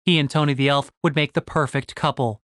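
A man narrating a comic fantasy audiobook with expressive storytelling. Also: fairly high pitch, fairly quick, no room sound, clean studio sound. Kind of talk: scripted narration.

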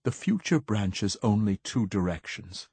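A man reading the part of a cold, commanding older woman leader, speaking soft and measured. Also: on the low side, sing-song, breathy edge, no room sound, heavily acted. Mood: hushed. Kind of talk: audiobook character reading.

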